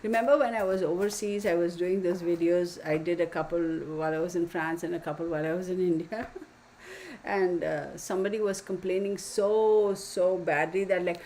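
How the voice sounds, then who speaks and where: A woman's voice: fairly low pitch, steady tone, moderate pace, warm tone, a little hiss or hum, rough recording. A woman hosting a tarot channel, chatting casually and opinionatedly with her viewers, often calling them y'all. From Texas. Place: home room with open window. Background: neighbor's dog barking.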